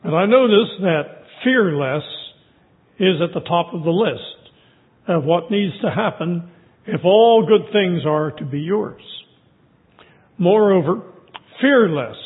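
A man preaching a sermon, reading scripture and telling stories in a measured way. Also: high-pitched. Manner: measured storytelling delivery. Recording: tinny phone-like sound.

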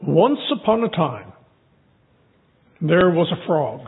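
A man preaching a sermon, reading scripture and telling stories in a measured way. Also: on the high side, sing-song. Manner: measured storytelling delivery. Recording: tinny phone-like sound.

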